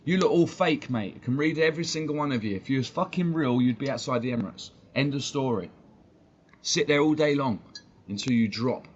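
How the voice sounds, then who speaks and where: A man hosting a fan channel, ranting heatedly and swearing a lot during live-stream commentary. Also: medium pitch. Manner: heated, sweary, fast-talking rant. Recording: dull lo-fi stream audio with faint noise.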